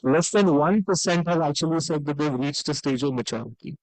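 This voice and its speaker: A man's voice: fairly high pitch, brisk, darkish tone, no echo, low-quality recording. Man giving a conference keynote. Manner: conversational, frequent "right?" tags and "uh" fillers. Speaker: conference speaker. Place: conference hall.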